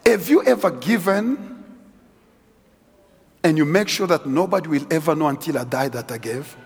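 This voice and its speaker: A middle-aged man preaching a sermon as guest preacher in a large church hall, swinging from quiet asides to shouted exhortation. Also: normal speed. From South Africa. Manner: animated, shifts from low asides to shouted exhortation. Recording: husky voice with long church-hall reverb.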